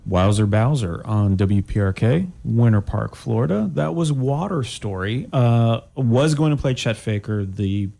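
A man hosting a college radio show, chatting casually and joking in a deadpan way with a guest in the studio. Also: medium pitch, measured pace, vocal fry, hardly any pauses.

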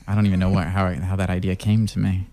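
Low-voiced guy on a radio show, chill and halting, um-ing a lot. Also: level tone, warm tone. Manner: laid-back, hesitant. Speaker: guest, woodworking shop owner. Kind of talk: casual radio interview. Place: radio studio.

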